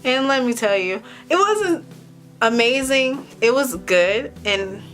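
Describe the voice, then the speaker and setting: A young woman hosting her own vlog, recapping a TV episode in a casual, animated way and swearing freely. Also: fairly high pitch, slow pace, faint music behind. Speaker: vlog host.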